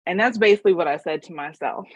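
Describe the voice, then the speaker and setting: A woman's voice: on the low side, fast talker, breathy edge, dry recording, dull audio. A woman giving a casual motivational webinar talk as a money mindset coach, telling her story earnestly and emotionally.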